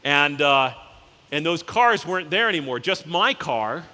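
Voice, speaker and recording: In a large, echoing conference hall, a male company chief gives an informal keynote. His slightly high voice swings widely in pitch and sounds pushed and bright as he tells stories and voices their characters quickly.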